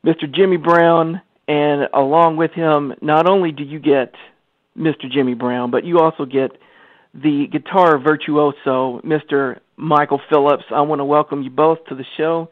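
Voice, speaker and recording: Eager radio host on a phone line. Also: male voice, a little high, steady tone, normal speed, no echo. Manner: enthusiastic, laughs easily. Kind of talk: casual interview hosting.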